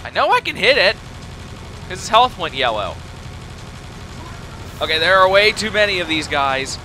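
A young man giving excitable, panicky commentary while playing a shooter game. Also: sits high, normal speed, slight background noise. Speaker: let's play gamer. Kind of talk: casual gameplay commentary.

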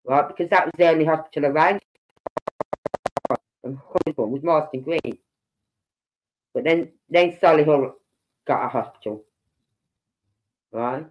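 A woman's voice: low voice, unhurried, pauses often, a little mellow, soft background music. A woman with a Birmingham accent chats with her live audience in a loose, storytelling way. She slips into other people's voices as she retells what they said. The stream audio sounds dull and lo-fi. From Birmingham, England. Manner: chatty storyteller who acts out quoted voices. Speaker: livestream host. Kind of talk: casual chat to a live audience.

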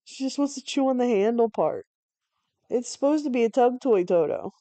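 A woman's voice: a little high, lively intonation, moderate pace, dark tone, dry recording. Laid-back woman calling a game live. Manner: laid-back, swears casually, chats to her dog between plays. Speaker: streamer giving live game commentary. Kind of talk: casual live play-by-play commentary.

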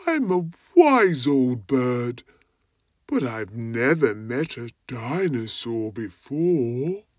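A woman doing a wise old owl, low and husky. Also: big pitch swings, extremely slow, a little mellow, no echo, studio quality, full character voice. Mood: kindly. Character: wise old male owl, kindly and calm.

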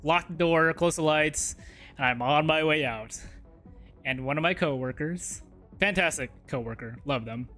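A man telling a funny work story, then reacting loudly to a fighting game, laughing and swearing freely. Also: on the high side, moderate pace, soft background music. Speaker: gaming YouTuber. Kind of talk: storytelling and live gameplay commentary.

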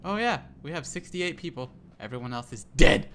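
A young man co-hosting a casual gameplay session, joking crudely at his own and his friend's expense, with sudden loud outbursts. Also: a little high, expressive, brisk, a little hiss or hum. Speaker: gaming channel co-host.

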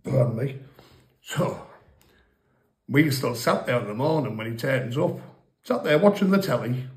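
A man's voice: medium pitch, animated, unhurried. A man casually telling rambling, funny stories about his past, laughing and swearing as he goes. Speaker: storyteller guest. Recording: echoey room.

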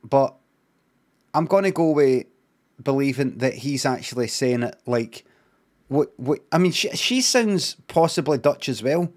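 A man's voice: mid-range voice, expressive, unhurried, darkish tone. A Scottish streamer casually commenting on a clip, rambling and repeating words as he thinks aloud.

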